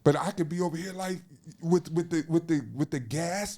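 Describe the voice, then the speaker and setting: A man hosting a casual podcast conversation, talking in an animated, thinking-aloud way with repeated fillers and restarts. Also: on the high side, normal speed. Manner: animated, lively storyteller who acts out quoted voices. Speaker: podcast host.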